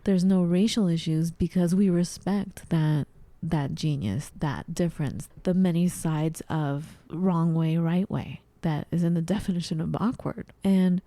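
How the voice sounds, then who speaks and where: Chatting casually from home as a podcast co-host, a woman speaks in an unhurried, low-leaning voice with no echo around it. She's animated, playfully performing her own confused, puzzled voice.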